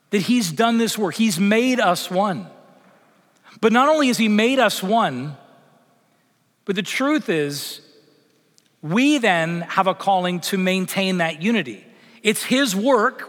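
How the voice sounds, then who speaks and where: A man preaching a sermon as pastor, telling a joke with lively voices before turning earnest. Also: high voice, big-room sound.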